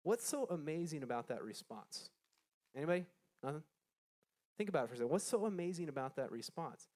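A man's voice: on the high side, very animated, fairly quick, darkish tone. A man teaching a Bible lesson to a group, reading scripture aloud, then explaining it in a conversational way and quizzing his listeners. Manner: conversational, asks the group questions, frequent restarts.

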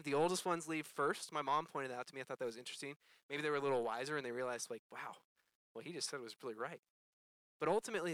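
A man's voice: a little high, bright, forceful tone, no echo. A young man preaching a sermon, earnestly addressing his congregation as "guys" and asking them questions.

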